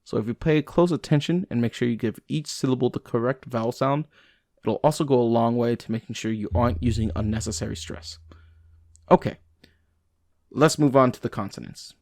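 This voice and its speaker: A man's voice: mid-range voice, creaky, darkish tone, no echo, clean studio sound. Man reading language notes aloud. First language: English. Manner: reads text aloud with fillers and restarts, slow over examples.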